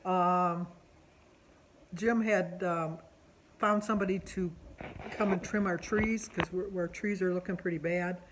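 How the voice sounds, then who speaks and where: A woman's voice: lowish voice, steady tone, unhurried, pauses often, background noise. Chatty woman vlogging at home. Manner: chatty, rambling, with many fillers. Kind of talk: casual diary vlog.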